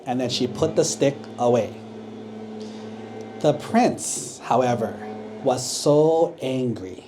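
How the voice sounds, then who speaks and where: A monk gently telling a story to children at a temple, often checking in with them. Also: male voice, mid-range voice, takes it slowly, over music. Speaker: Buddhist monk. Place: temple hall.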